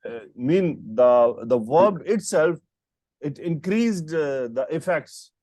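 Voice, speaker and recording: A man's voice: on the high side, expressive, slow pace, a little mellow, no echo, clean studio sound. Patient male Arabic teacher on a call. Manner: patient, quizzing the student with short questions. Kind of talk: online grammar lesson. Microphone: computer mic on a video call.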